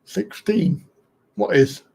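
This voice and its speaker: A middle-aged man runs a relaxed livestream chat, speaking slowly in a slightly high, soft, mellow voice with vocal fry and a slightly rough edge. He's blunt, wanders between topics, and chuckles a lot.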